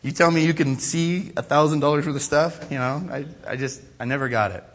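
A man delivering an animated sermon, his voice bright and forceful. He tells stories that poke fun at himself and acts out the people he quotes in their own voices. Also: a little high, brisk. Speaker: pastor. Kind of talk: storytelling sermon.

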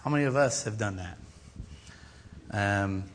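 A man's voice: lowish voice, unhurried. A man preaching a sermon in a church, telling funny stories about himself and acting out the voices of the people in them. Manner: animated, self-mocking, acts out quoted voices. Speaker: pastor. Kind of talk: storytelling sermon.

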